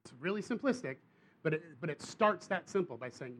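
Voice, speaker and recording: A young adult man, preaching a sermon and telling a personal story with animated bursts of emphasis. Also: fairly high pitch, brisk, slight background noise.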